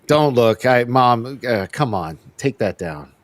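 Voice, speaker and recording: This podcast host runs a casual review show, joking around and getting flustered as he keeps restarting his sentences. He speaks slowly and expressively in a mid-range voice, recorded with no room sound.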